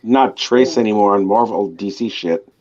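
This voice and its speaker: A man's voice: lowish voice, moderate pace, a little mellow, highs cut off. A man, a comic book artist, chatting casually on a livestream, crude and joking.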